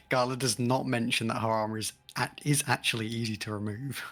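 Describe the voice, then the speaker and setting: A man playing a tabletop game, chatting in a relaxed, joking way. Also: mid-range voice, moderate pace. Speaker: player. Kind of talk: casual chat.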